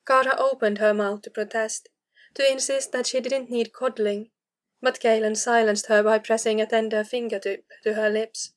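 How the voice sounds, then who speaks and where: Woman narrating a story calmly. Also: fairly high pitch. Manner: calm, measured. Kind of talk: audiobook narration.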